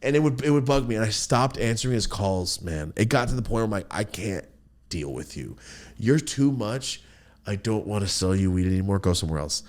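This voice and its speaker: A man casually telling a profane story, jumping into quoted voices. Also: brisk. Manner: animated, profane, jumps into high-pitched quoted voices.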